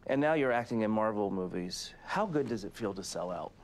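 A middle-aged man hosts a comedic interview in a flat, deadpan way, stumbling and pausing awkwardly between questions. His voice sits a little low for a man. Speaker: talk show host.

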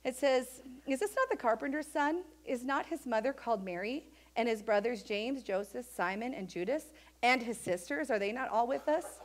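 A woman pastor preaching a sermon in a church, animated and acting out the voices of the people in her story. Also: fairly high pitch, normal speed. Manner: animated, acts out quoted voices of Mary and others.

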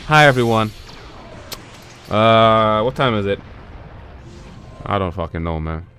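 Bright-voiced man cursing through gameplay. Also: fairly low pitch, expressive, takes it slowly. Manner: profane, frustrated mutterings with sudden shouts. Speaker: gameplay commentator. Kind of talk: casual live gameplay commentary.

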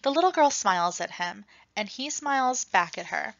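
A woman reading a novel aloud in an expressive first-person storytelling voice. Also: mid-range voice, normal speed, creaky, dry recording, highs cut off. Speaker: reader.

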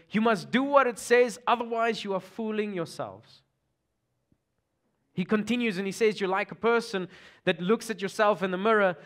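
A pastor with an Afrikaans South African accent preaching a sermon, swinging from loud urgent calls to hushed, near-whispered passages. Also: male voice, sits high.

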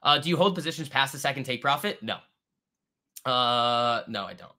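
A man with a bright, forceful voice hosts a live trading stream. He talks loosely and casually, full of slang, answering viewers' chat as he goes. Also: mid-range voice, lively intonation, normal speed. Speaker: trading livestream host.

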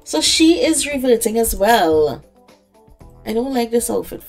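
A woman's voice: a little high, sing-song, measured pace, darkish tone, soft background music. A woman giving casual let's-play commentary, chatting away and talking to the game characters. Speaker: gaming creator.

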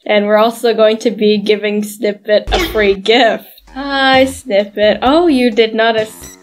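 A woman's voice: on the high side, fairly even intonation, measured pace, faint music behind. A woman hosting a gaming video, narrating her play in a chatty, playful way. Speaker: gaming channel host. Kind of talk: casual gameplay narration.

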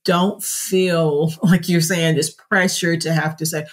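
Middle-aged woman guest, low voice, chatty storyteller with frequent laughs. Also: fairly even intonation, slow pace. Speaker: podcast guest. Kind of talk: conversational interview.

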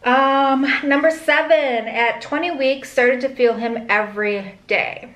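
A young pregnant woman talks candidly to camera, her speech full of "like" and quick asides. Her voice sits a little high, and the room around her has a noticeable echo. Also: a bit bright. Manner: chatty, lots of "like", candid and rambling. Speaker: vlogger. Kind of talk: casual pregnancy vlog. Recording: echoey room.

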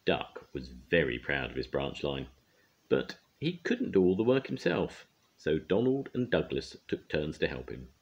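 An older man reading a children's story aloud with an expressive, lively delivery. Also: rumbling low, unhurried, creaky. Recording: dull lo-fi recording.

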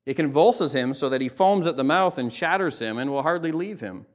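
A pastor preaching a sermon in a church, reading scripture and explaining it in a conversational way with frequent asides. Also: male voice, fairly high pitch, animated, a little fast. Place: church sanctuary.

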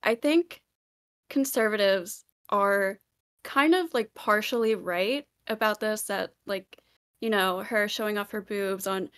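A young woman talks as a guest on a casual online panel, working through her thoughts with plenty of fillers and hedges. Her voice sits at an ordinary middle pitch. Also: measured pace, fairly bright tone. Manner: rambling, hedging with many fillers.

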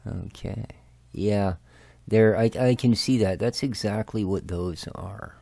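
Slow gravelly Canadian man. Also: fairly low pitch. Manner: slow, chatty and self-joking, drifting to soft mutters. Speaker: gaming video host. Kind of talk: casual let's-play commentary.

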